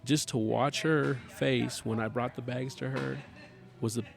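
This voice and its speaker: A man with a gravelly, rough-edged voice at an ordinary middle pitch, talking as a guest on a chat show. He tells his story in a lively, chatty way and slips into the voices of the people in it. Music plays clearly behind him. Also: measured pace. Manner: animated, chatty storyteller who acts out dialogue. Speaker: podcast guest, cornhole player.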